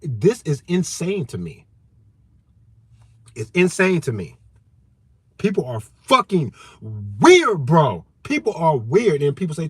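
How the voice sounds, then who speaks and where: Guy ranting in his car, loud, cussing a lot, repeats himself, dry close sound. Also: on the high side, sing-song, slow, slightly rough, no echo. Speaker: channel host. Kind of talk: heated livestream rant.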